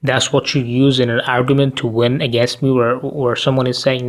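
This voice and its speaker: A man's voice: medium pitch, little pitch movement, normal speed, hardly any pauses. Tired man in a profane rant. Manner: profane, blunt, rhetorical questions. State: tired, sleepy. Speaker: commentary vlogger. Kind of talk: ranting commentary to camera.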